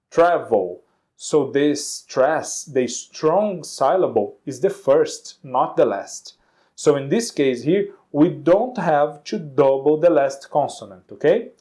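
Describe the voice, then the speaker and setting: A man's voice: a little high, mellow. A man with a Brazilian Portuguese accent, teaching an English grammar lesson. He repeats each answer and keeps asking "okay?" to check that his students follow.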